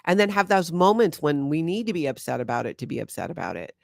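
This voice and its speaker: Her voice sits low, a little mellow, with vocal fry, big pitch swings and a quick pace as she reads live chat and chats casually with livestream viewers, laughing frequently. She comes from Hawaii and speaks with a Hawaiian accent lightly tinged by Minnesota. No room sound is audible.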